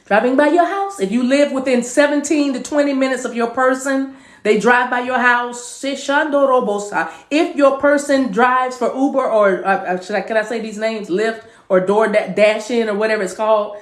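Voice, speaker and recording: A woman's voice: on the high side, normal speed. A woman giving a live tarot reading to her viewers. She talks in a chatty way, repeats phrases, and now and then slips into speaking in tongues. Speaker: tarot card reader. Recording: echoey room.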